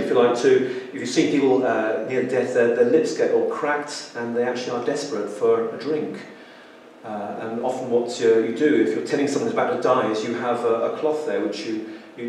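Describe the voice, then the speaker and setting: A man's voice: a little high, a little mellow. A man preaching a sermon in a church, earnest, with frequent restarts and sudden emphatic exclamations. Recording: echoey church hall, distant mic.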